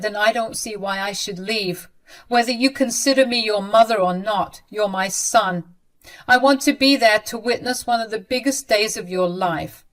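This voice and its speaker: A middle-aged woman telling a first-person dramatic story in a soft, earnest, emotional way. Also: medium pitch, normal speed. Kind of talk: scripted dramatic narration.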